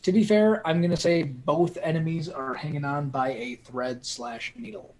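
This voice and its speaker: A man running a tabletop game as game master, relaxed and laughing often. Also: fairly high pitch, moderate pace, rough recording.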